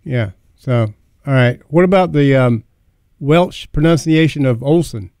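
A man's voice: medium pitch, lively intonation, a little slow, darkish tone, clear, resonant tone, no room sound, clean studio sound. A man hosting a talk radio show, bantering dryly with a caller. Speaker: radio host. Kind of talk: casual talk radio chat.

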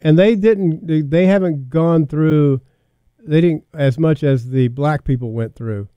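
A male radio host in casual talk, speaking in a measured, hesitant way and taking callers. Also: a little high, mellow, clear, resonant tone, no echo. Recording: dull lo-fi band, dry.

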